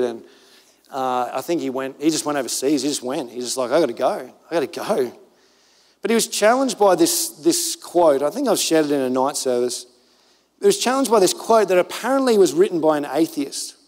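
A man with an Australian accent, preaching a sermon as pastor, telling stories in an animated way and acting out other voices. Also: on the high side. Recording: reverberant church hall.

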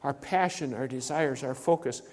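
A pastor preaching a sermon, emphatic and repeating key phrases for stress. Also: male voice, mid-range voice, moderate pace, a little mellow, in a large hall. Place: church sanctuary.

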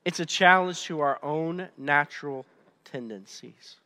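Guy preaching in a big echoey church, a bit high voiced, chatty and stumbly, lots of restarts. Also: unhurried. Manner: conversational, animated, frequent restarts and stumbles. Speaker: pastor. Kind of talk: sermon.

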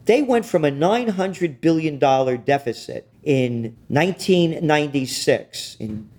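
A man's voice: a little high, lively intonation, unhurried, a little mellow. A man co-hosting a political talk show, ranting with profanity and biting sarcasm. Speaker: co-host.

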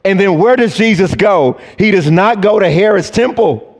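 A male pastor preaching a sermon, slow and deliberate, rising to emphatic peaks. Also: high-pitched, expressive. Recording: long church reverb.

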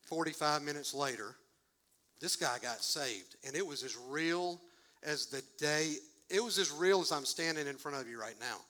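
A man preaching, his voice sitting a little high and ringing bright and forceful. He tells a story from his own life in a relaxed, slangy, animated way, as if chatting with friends. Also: normal speed. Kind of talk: sermon storytelling.

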